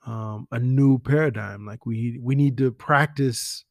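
Gravelly man telling stories casually. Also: mid-range voice, a little slow, dry recording, clean studio sound. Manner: animated, slangy storytelling with acted quotes and whispered asides. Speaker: friend giving a spoken tribute. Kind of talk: casual storytelling.

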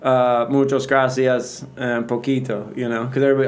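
A man in a relaxed casual chat, swearing freely and laughing often. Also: mid-range voice, moderate pace.

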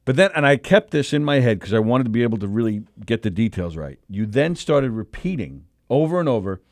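A man's voice: mid-range voice, sing-song, fairly quick, dry recording. A man co-hosting a comedy radio show, telling a rambling story in casual banter with lots of restarts. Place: radio studio.

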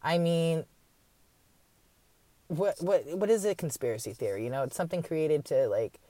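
A woman's voice: low-pitched, moderate pace, warm tone, no room sound. A woman hosting a podcast, talking through a late-night, profanity-filled rambling rant with wry asides and mocking impressions of others. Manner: acts out others in mocking voices. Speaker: podcast host.

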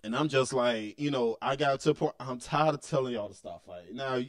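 A man's voice: medium pitch, brisk. A young adult man co-hosting a podcast, telling stories about his kids in casual chat and laughing often. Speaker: podcast co-host.

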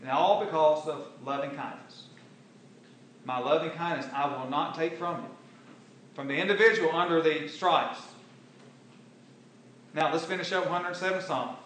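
A man preaching a sermon and quoting scripture, swinging between loud emphatic bursts and quiet earnest stretches. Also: a little high, steady tone, moderate pace, pauses often, very echoey, distant mic, slight background noise, rough recording.

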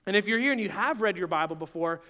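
A young man with a high, bright voice preaches in a loose, conversational way. He tells his story with lots of "like" and quick laughs, then turns it toward the congregation. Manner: animated, chatty, laughs often, full of "like". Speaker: pastor. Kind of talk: casual storytelling sermon.

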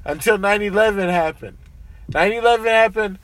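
A man's voice: high-pitched, normal speed, fairly bright tone, dry recording, low-quality recording. A man in a heated casual argument, exasperated and slangy, peppering his points with bro and homie. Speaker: friend in a heated debate.

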